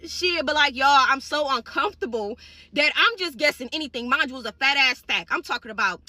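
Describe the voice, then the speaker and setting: A woman's voice: sits high, animated, quick pace, pushed and bright, no echo. A young woman hairstylist telling a casual storytime straight to her viewers, blunt and profane.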